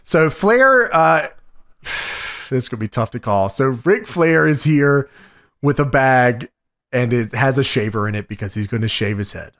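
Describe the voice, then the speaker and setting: A man co-hosting a podcast, recapping a wrestling show in a casual, profane, excited play-by-play. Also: medium pitch, a little slow. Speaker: podcast co-host.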